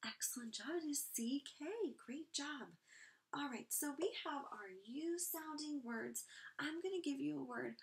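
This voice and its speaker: A woman teaching a first grade phonics lesson online, encouraging and clearly sounding out each word for young children. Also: high-pitched, moderate pace.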